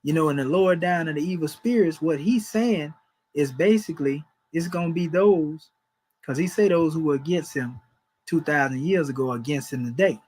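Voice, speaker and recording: A man's voice: a little high, moderate pace, darkish tone, slightly rough, rough recording. A man, preaching in a folksy, emphatic way and chuckling between points. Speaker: religious teacher. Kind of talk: informal preaching.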